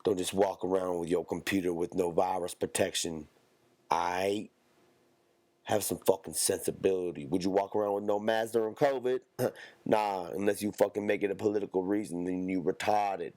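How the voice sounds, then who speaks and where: A man rants alone into a close podcast mic, his voice sitting fairly low. He rambles from one thought to the next in profane, slangy street talk. The recording is dry and close, with no room sound. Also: fairly even intonation, normal speed, darkish tone, dry recording. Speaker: podcast host. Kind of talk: solo podcast rant.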